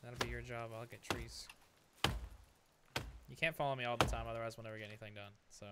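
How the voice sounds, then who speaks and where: Fast-talking bossy gamer guy. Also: medium pitch, fairly even intonation, heavy background noise. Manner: bossy, directing teammates. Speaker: let's play host. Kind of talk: casual gaming chat.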